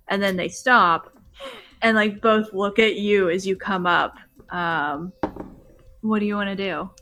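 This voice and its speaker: Relaxed woman game master. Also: mid-range voice, measured pace. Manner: relaxed, many ums. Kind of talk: narrating a tabletop game.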